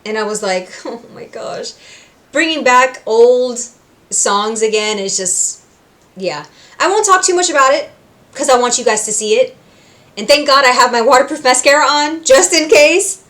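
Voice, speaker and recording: A woman from Puerto Rico hosting a reaction video, recapping scenes with animated storytelling and acting out the characters' lines. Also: high-pitched, moderate pace. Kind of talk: casual recap and commentary.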